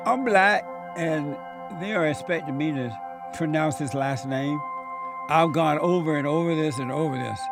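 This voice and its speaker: Chatty man hosting an interview. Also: fairly high pitch. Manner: friendly, chatty, laughs easily. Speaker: host. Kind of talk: casual interview.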